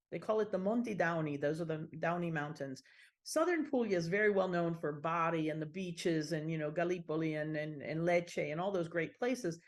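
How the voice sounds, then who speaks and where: A middle-aged woman from the Washington D.C. area, a podcast guest telling stories in a casual, chatty way full of fillers and restarts. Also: on the low side. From Washington D.C. area, United States. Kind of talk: casual conversational storytelling.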